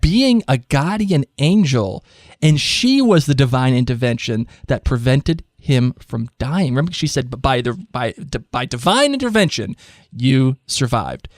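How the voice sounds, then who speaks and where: Animated man co-hosting a podcast. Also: medium pitch, unhurried, dry recording, clean studio sound. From Rhode Island. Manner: animated, laughs often, reads listener comments aloud. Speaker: podcast co-host. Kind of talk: casual chat.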